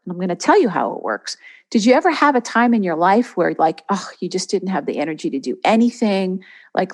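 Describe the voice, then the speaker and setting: A woman's voice: mid-range voice, lively intonation, a little fast, a little mellow. A woman podcast host and reverend giving an earnest spiritual teaching and leading a guided meditation. She often repeats words for emphasis.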